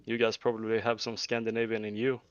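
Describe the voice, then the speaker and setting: Swedish-accented man, lowish, halting, online debate, dry muffled mic. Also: completely flat delivery, smooth, no echo. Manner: halting, repeats words, low-key. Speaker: debate participant. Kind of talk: casual voice-chat debate. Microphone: headset or desk mic on voice chat. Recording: dull dry voice-chat audio.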